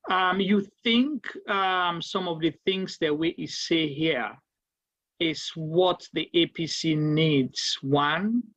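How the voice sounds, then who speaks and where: A male interviewer with a Sierra Leonean Krio accent presses his guests with brisk questions. His voice sits on the higher side for a man. The recording is dry, dull and lo-fi. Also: fairly bright tone, no room sound.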